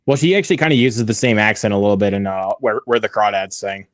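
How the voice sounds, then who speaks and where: A man's voice: lowish voice, quick pace, dry recording. Guy hosting a movie watch-along, rambly, lots of ums, dead dry room. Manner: rambling, many fillers and restarts.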